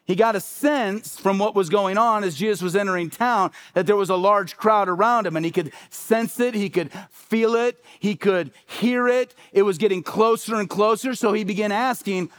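A male pastor with a high voice preaches a sermon. He talks in a conversational way and keeps asking rhetorical questions. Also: moderate pace.

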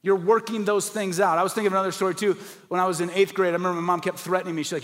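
Male pastor, high tenor, emphatic conversational preacher, church hall reverb. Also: fairly even intonation, racing, hardly any pauses, fairly bright tone. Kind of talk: sermon.

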